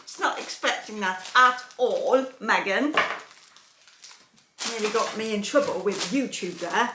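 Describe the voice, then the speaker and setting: A woman's voice: medium pitch, a little slow, roomy sound, very noisy. A woman vlogging as she unboxes a gift, chatting casually, gushing and laughing often. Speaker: soap maker vlogger.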